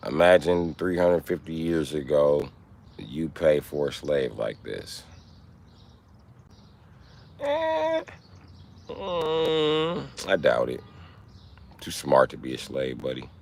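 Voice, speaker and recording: A man's voice: a bass voice, fairly even intonation, unhurried. A man hosting a livestream, ranting in brash, profane trash talk. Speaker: livestream host. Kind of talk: live-stream rant.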